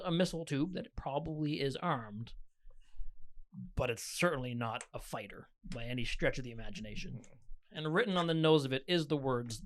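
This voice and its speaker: A man at a middle pitch runs a tabletop session, talking through the scene in an easygoing, descriptive way. He drops small jokes as he narrates. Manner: descriptive, relaxed, lightly joking. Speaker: game master.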